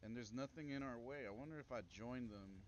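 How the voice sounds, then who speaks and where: A man's voice: mid-range voice, a little fast, highs cut off, slight background noise. A man casually commenting while he plays a strategy game, crude and rambling, now and then reading the game's text aloud. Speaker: gameplay streamer.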